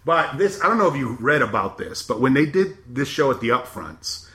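A man's voice: mid-range voice, sing-song, normal speed, sharp tone, reverberant. Profane, wry middle-aged man. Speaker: podcast co-host. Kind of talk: casual chat, TV season preview.

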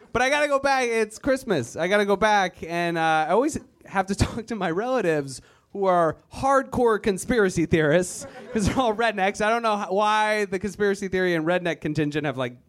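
A man from Virginia doing a stand-up comedy set on a club stage, sarcastic and mocking. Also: sits high. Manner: sarcastic, mocking, shifts into silly voices.

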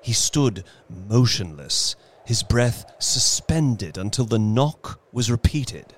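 A man narrating a story in a slow, suspenseful dramatic reading, with music behind him. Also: medium pitch, expressive. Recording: reading over background music.

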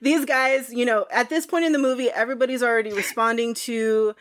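A woman's voice: a little high, fairly even intonation, a little fast. Emotional, laughing woman podcast host. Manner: emotional, laughing, rambling storytelling. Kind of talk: casual movie podcast chat.

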